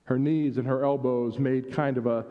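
A man, a pastor, reading a story aloud during a worship service in a measured storytelling manner, sometimes repeating a word. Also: mid-range voice, fairly even intonation. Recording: dull sound in a reverberant hall.

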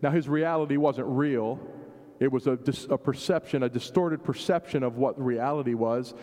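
A man's voice: medium pitch, normal speed, dark tone. A man preaching a sermon in a reflective way, shifting his emphasis and acting out the questions he quotes. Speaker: pastor. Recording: long hall reverb.

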